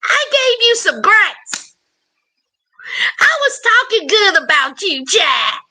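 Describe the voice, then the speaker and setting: Sassy high-voiced woman recapping TV. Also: slow. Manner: sassy, animated, addresses people on screen directly. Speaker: recap show host. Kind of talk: casual TV recap commentary.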